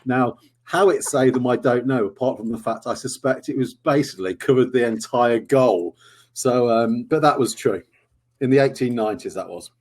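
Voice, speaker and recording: English man, podcast co-host, husky mid voice, dry and matter-of-fact. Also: mid-range voice, normal speed. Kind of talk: casual pub chat.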